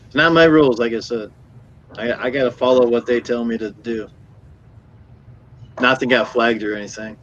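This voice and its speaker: A man's voice: mid-range voice, fairly even intonation, moderate pace, long pauses, fairly bright tone, slight background noise. A man hosting a casual live stream, reading and answering viewer chat and repeating himself. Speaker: live show host. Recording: dull lo-fi stream audio.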